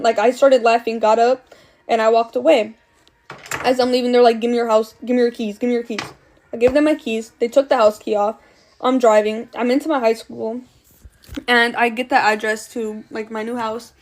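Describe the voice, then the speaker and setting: A woman's voice: on the high side, a little fast, pauses often. Young woman telling a wild storytime. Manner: swearing, animated retelling with quoted voices. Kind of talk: casual storytime.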